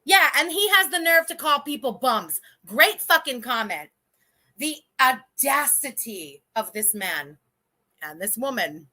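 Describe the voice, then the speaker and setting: Woman in her 30s, livestream host, high and bright, blunt and foul-mouthed, rambling. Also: expressive, unhurried. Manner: blunt, profane and indignant, rambling with restarts. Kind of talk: casual livestream commentary.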